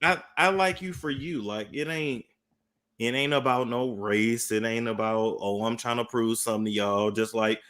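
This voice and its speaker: A young man guest in a casual podcast chat, a lively storyteller who laughs and swears casually. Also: mid-range voice, moderate pace.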